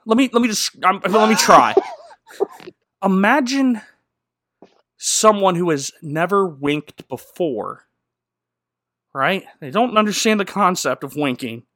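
A man's voice: high voice, animated, slow pace, pauses often, sharp tone, dry recording, studio quality. A man co-hosting a comedy show, recapping a movie in a goofy, rambling way. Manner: goofy, rambling, laughs a lot. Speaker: podcast co-host.

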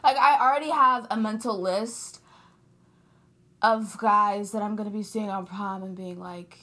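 A teenage girl co-hosting a podcast, chatting casually, blunt and swearing, often dropping into quiet asides. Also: medium pitch, fairly even intonation, unhurried. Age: teens. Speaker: podcast co-host. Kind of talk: casual chat.

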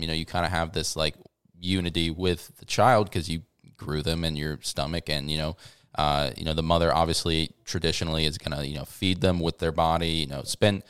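Deep-voiced rambling young dad. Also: male voice, fairly bright tone, clear, resonant tone, no echo, clean studio sound. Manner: rambling storyteller, swears freely, lots of fillers. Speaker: podcast co-host and father. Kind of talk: casual podcast chat.

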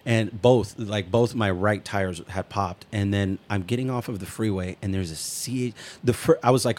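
A man's voice: fairly low pitch, normal speed, hardly any pauses, darkish tone. A man co-hosting a casual podcast, telling long personal anecdotes and swearing freely. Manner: swears freely, rambling anecdotes, acts out quotes. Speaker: podcast co-host. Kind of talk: casual storytelling chat.

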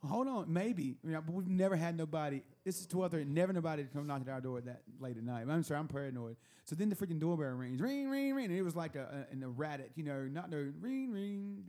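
A man with a fairly high voice tells a story in a loose, chatty way, laughing often and tripping over repeated words. He is seated at a table, talking with friends on a show. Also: darkish tone. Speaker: podcast host telling a story. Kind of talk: casual storytelling chat. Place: room at a table.

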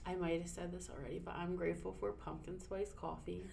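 A woman's voice: on the low side, little pitch movement, a little fast, gravelly, darkish tone, a little hiss or hum. A woman co-hosting a casual podcast, talking in a heartfelt, emotional way. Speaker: podcast co-host. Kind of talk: casual chat.

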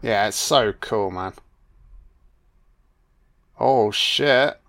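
A man giving a casual film commentary, excitable and heavily profane, full of slang and calling listeners man, son and baby. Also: lowish voice, drawn-out words.

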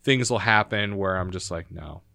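A man talking casually as a podcast guest, telling animated family stories and sometimes acting out other people's voices. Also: sits low, normal speed, dry recording, clean studio sound. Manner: animated storyteller, acts out his grandmother in a raised voice. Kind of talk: casual chat.

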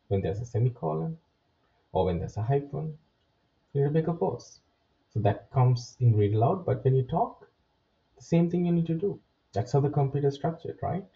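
Muffled, distant male test-prep teacher. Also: mid-range voice. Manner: explains step by step, often checks with "right?". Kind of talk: spoken lesson.

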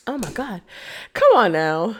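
A woman's voice: medium pitch, huge pitch swings, a little slow, slightly rough. A young woman hosting a podcast, ranting with lots of cursing and laughter and mocking the people she talks about. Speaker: podcast host. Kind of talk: casual podcast rant.

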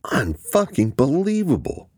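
A man with a deep voice voicing a crude, sarcastic young male agent. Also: very animated, takes it slowly, a little mellow, dry recording, studio quality, exaggerated voice. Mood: outraged.

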